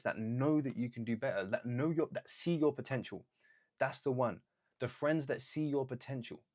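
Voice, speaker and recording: A young man giving an earnest, conversational motivational talk, now and then acting out what others said to him. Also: mid-range voice. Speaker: vlogger.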